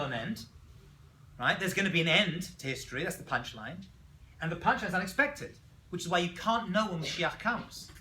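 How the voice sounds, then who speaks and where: A man teaching a class as a rabbi, telling jokes and stories in an animated way and throwing questions at his students. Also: high voice, a little hiss or hum. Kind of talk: classroom lecture.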